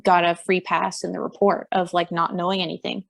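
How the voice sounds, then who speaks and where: A woman's voice: on the low side, level tone, fairly quick, vocal fry. Blunt, indignant young woman co-host. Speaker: podcast co-host. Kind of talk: casual chat.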